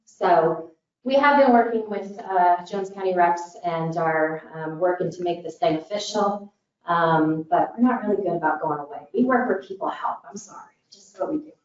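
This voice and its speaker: Speaking at a normal pace in a lowish, somewhat dark voice, a Northern Indiana woman with a northern US accent presents earnestly to a public forum for a disaster recovery group, often saying "um." The large meeting room gives the audio a hall-like echo, and the dull mic sits far away.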